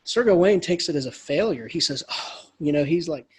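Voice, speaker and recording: A male English professor retells a story in a loose, animated lecture. His voice is high and husky, with plenty of casual asides. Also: fairly quick.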